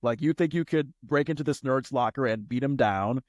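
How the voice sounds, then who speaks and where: A man's voice: mid-range voice, brisk, no room sound, muffled recording. A man co-hosting a casual podcast recap, talking animatedly and slipping into goofy impressions. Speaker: podcast co-host.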